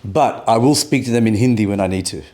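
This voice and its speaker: A man's voice: fairly low pitch, quick pace, darkish tone. A man with an Australian accent, a podcast guest talking casually and explaining his points with rhetorical questions. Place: podcast studio.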